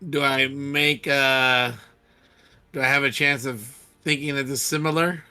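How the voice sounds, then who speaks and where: Man, tabletop player, bright tense voice, halting questions, casual chat. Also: medium pitch, level tone, clean tone, soft background music. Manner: inquisitive, halting restarts.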